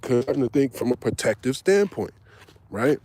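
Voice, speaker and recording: A man's voice: mid-range voice, expressive, moderate pace, mellow. A man, telling his life story in casual talk, candid and profane, acting out the voices of people he quotes. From Harlem, New York. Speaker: podcast host.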